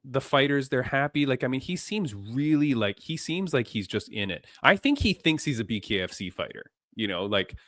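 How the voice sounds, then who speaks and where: A man's voice: mid-range voice, animated, normal speed, few pauses, a bit bright, no room sound, studio quality. A man hosting a podcast interview, chatting casually with many fillers and restarts. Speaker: podcast host.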